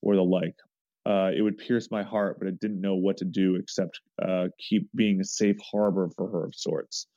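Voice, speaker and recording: Low, dark-voiced man reading a story aloud. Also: flat delivery, moderate pace, no echo. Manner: earnest first-person storytelling with frequent restarts. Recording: dull lo-fi sound.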